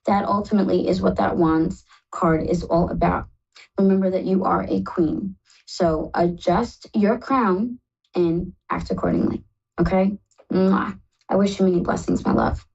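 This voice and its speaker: A woman's voice: medium pitch, vocal fry, darkish tone, husky, muffled recording. A woman hosting a live call-in psychic reading show, effusive and tearful, calling callers "love".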